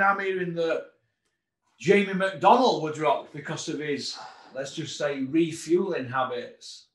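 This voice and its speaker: A man's voice: on the high side, a bit bright. A middle-aged man, hosting a casual boxing rant full of sarcastic, mocking rhetorical questions. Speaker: boxing commentator host. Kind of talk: ranting casual monologue. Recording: roomy echo.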